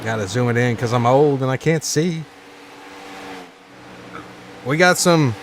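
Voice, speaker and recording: A man's voice: medium pitch, noisy background. A man commentating a live sim racing stream in a casual, chatty way, reading viewer chat aloud between points updates.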